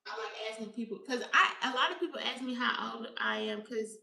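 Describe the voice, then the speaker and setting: A woman's voice: a little high, brisk, vocal fry, bright, forceful tone, reverberant, distant mic. A woman in her thirties from Alabama with a Southern accent and a youthful-sounding voice, rambling through casual stories to her viewers. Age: 30s. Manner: chatty, rambling storytelling. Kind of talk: casual vlog chat.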